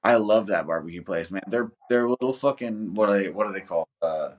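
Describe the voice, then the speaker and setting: A man's voice: lowish voice, a little fast. A young American man telling rambling, profanity-laced stories in a casual podcast chat. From United States. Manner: profane, rambling storyteller, swears a lot. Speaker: guest, volunteer soldier.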